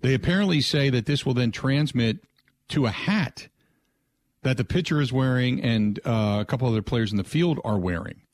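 A man's voice: mid-range voice, moderate pace, no room sound. A man hosting a sports talk radio show, chatting loosely with restarts and asides. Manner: rambling, frequent restarts and filler asides.

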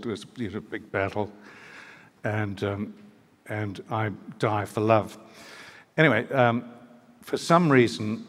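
A man's voice: mid-range voice, a bit bright, a little hiss or hum. Wry older man with many fillers. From New Zealand. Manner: wry, hesitant, lots of fillers and restarts. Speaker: guest author. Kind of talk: storytelling at a live book talk. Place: live event venue. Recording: reverberant hall.

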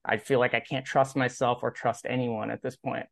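A man's voice: mid-range voice, level tone, normal speed, vocal fry, fairly bright tone, no room sound. A man, a guest on a podcast interview, telling a personal story in a casual, rambling way, full of "like" and acted-out quotes. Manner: rambling, heavy use of "like", acts out quoted dialogue. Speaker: podcast guest, pro skateboarder.

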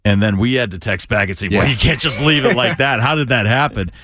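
A man hosts a radio show in quick, casual banter and laughs often. His voice sits at a middle pitch. The sound is close and dry. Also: bright, forceful tone, no room sound. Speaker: radio host. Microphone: studio microphone.

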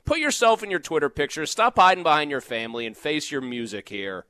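A man's voice: fairly high pitch, no echo. Heated man co-hosting sports radio. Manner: animated, heated, quick to rant. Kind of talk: sports talk radio banter.

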